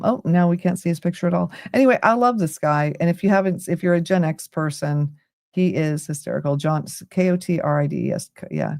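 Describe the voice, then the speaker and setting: A woman's voice: deep voice, gravelly, a little mellow, no echo, studio quality. Tired, rambling American woman livestreaming. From United States. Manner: chatty, rambling, easily sidetracked. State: tired, yawning. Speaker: livestream host. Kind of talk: casual late-night livestream chat.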